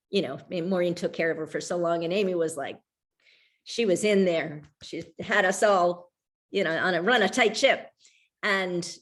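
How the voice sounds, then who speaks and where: A middle-aged woman speaking as an author guest, reflective and rambling, with frequent restarts and trailing thoughts. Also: lowish voice. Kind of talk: conversational talk over a video call.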